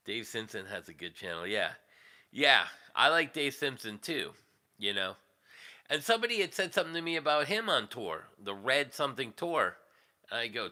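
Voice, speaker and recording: A man hosting a casual livestream, talking in a rambling, profane, animated way. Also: mid-range voice, normal speed. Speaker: livestream host.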